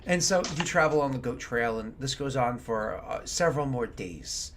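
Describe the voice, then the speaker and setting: A man's voice: mid-range voice, expressive, normal speed, slight background noise. A man running a tabletop game as game master, narrating in an easygoing, meandering way.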